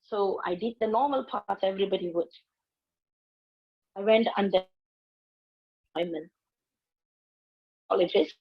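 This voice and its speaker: Lady in her 40s giving a motivational talk, slow and expressive, kinda husky. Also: mid-range voice, muffled recording. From Malaysia. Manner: expressive storytelling, acting out her inner voice. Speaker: invited speaker, public speaking teacher. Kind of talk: motivational speech.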